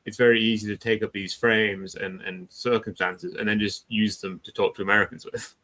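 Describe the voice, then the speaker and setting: A man's voice: fairly low pitch, little pitch movement, fairly quick, pushed and bright, low-quality recording. A man on a podcast panel over a video call, speaking thoughtfully and correcting himself as he goes. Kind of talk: casual panel chat.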